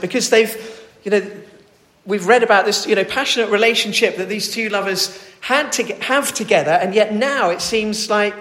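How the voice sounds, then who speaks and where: A man's voice: sits high, normal speed, a bit bright. A man preaching a sermon in an earnest, conversational way, often restarting his sentences. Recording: roomy echo.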